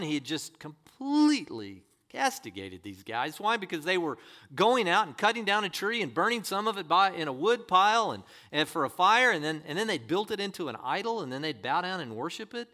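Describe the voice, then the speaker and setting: A man's voice: sits high, very animated, brisk, bright, forceful tone. A man preaching a sermon as pastor, reading scripture and pressing the congregation with emphatic rhetorical questions.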